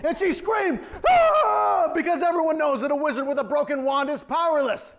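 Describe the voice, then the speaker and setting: A man's voice: extremely high pitch, brisk. A man performing a campy comic storytelling monologue on a theatre stage. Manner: campy, animated.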